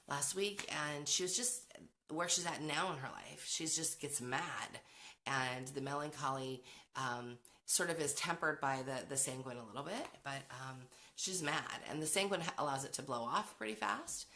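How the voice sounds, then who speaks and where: A woman's voice: sits low, normal speed, pushed and bright. A woman in her forties hosting a podcast, talking casually about parenting, chatty, laughing often and acting out quotes. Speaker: podcast host.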